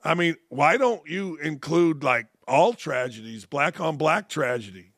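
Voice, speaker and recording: An older man hosts a sports talk show, talking straight into a close studio mic. His voice sits a touch high for a man and carries a gravelly, creaky edge. He drifts between dry sarcasm and mock outrage, and the sound is dry and close. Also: a little slow, no room sound. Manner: sarcastic, mocking, animated with voiced asides. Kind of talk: opinionated talk monologue.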